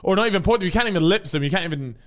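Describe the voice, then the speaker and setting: A man in casual chat, telling a story with lots of slang and animated asides. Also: sits high, racing.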